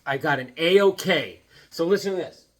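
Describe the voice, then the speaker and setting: A worn-out man tells rambling, jokey stories with plenty of excitement. His voice sits fairly high for a man. He talks casually from a comic room in his home. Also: normal speed. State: tired from lack of sleep. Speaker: comic collecting channel host.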